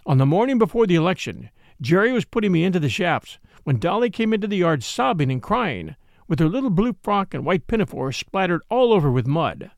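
Male narrator, audiobook of classic novel, expressive, high voice, dry sound. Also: brisk, vocal fry, no room sound. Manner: expressive storytelling. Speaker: narrator and show host.

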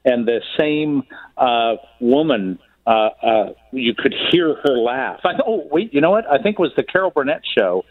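A Canadian man, actor and comedian, spinning a story as a radio guest. His pitch swings widely as he talks, and the sound is slightly muffled and dry. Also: moderate pace, no echo. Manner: animated storyteller. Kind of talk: casual radio chat.

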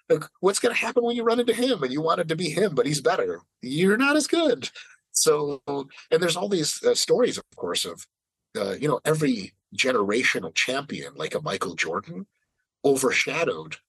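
A man with a slightly husky voice chats on a podcast, and his pitch swings up and down as he talks. He swears freely and slips into quick impressions of other people. The sound is dry and close. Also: a bit bright, no echo, poor audio. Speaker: podcast host. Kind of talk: casual podcast conversation.

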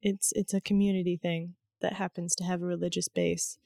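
A woman's voice: lowish voice, little pitch movement, vocal fry, mellow, no echo, studio quality. Chatty Midwestern woman cracking wry jokes. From American Midwest. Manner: chatty, wry quips, quick reactions. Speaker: podcast co-host. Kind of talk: casual chat.

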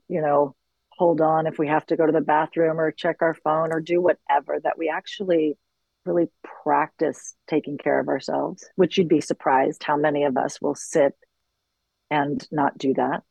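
A middle-aged woman who leads sharing circles, talking earnestly and reflectively in an interview, with lively bursts when she quotes others. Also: low voice, gravelly, breathy edge, no echo, poor audio. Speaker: circle facilitator. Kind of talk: conversational interview.

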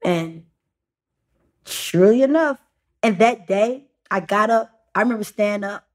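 As a podcast guest, this young adult woman tells a casual story in an expressive, medium-pitched voice. She speaks haltingly, with lots of fillers and restarts.

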